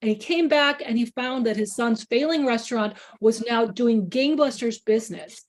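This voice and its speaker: A woman with a Chicago accent talks through a book presentation in a chatty, storytelling way. Her voice sits a little high, and she slips into the voices of people she quotes. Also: moderate pace. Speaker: culinary journalist, author. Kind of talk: library book talk over video call.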